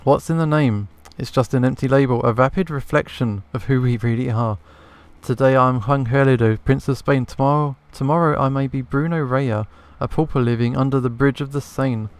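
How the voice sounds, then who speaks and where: A man voicing a smooth male impostor posing as a prince, speaking in florid, theatrical phrases while reading game dialogue aloud. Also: mid-range voice, moderate pace, no room sound, close to an everyday voice. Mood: musing.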